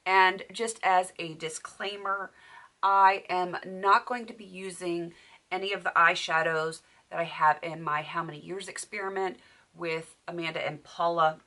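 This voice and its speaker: A woman with a bright, edgy tone and a fairly low pitch talks through her makeup routine in a chatty, self-deprecating vlog style. Her voice is going hoarse as she talks. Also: fairly even intonation, measured pace. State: losing her voice. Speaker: beauty vlogger. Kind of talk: casual makeup tutorial chat.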